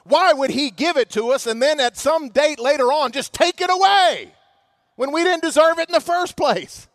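Man, pastor preaching, very high voice, dry close sound, emphatic. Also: a bit bright, no echo. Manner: emphatic, slows to stress scripture and asks the congregation questions. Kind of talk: sermon.

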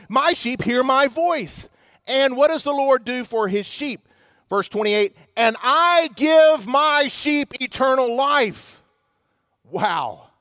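A male pastor in his forties preaches with an emphatic, questioning delivery. His voice sits very high for a man and comes across dry and close, with little room sound. He slows right down whenever he stresses scripture. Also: fairly bright tone, no echo. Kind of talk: sermon.

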